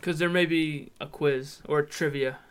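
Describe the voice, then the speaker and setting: A young man co-hosting a casual podcast, laid-back and quick to laugh. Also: fairly high pitch, fairly even intonation, fairly bright tone. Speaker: podcast co-host. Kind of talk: casual chat. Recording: faint background noise.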